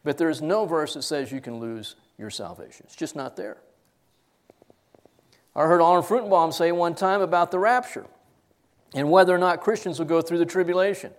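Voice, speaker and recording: A man's voice: on the high side, moderate pace. A middle-aged man preaching an expository sermon, emphatic, his voice rising and dropping sharply to stress points.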